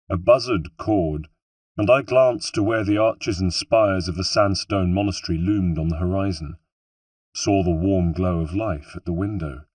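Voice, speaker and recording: Man, low voice, husky, measured first-person narration, dry sound, a bit off-mic. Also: darkish tone, dry recording, distant mic. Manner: measured, somber storytelling. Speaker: audiobook narrator.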